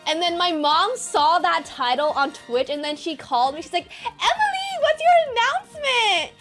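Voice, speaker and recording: Casting note: young woman streamer with a high voice, rambling chatty storytelling, repeats herself, faint music under her. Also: moderate pace, fairly bright tone. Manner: rambling, repeats phrases, laughs often. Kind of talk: casual storytelling to stream chat.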